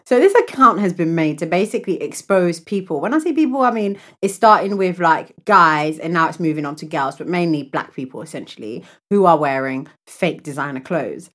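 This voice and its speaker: A young woman co-hosting a casual podcast, slangy and quick to laugh. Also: lowish voice. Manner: lively, laughs often, slangy. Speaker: podcast co-host. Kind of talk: casual chat.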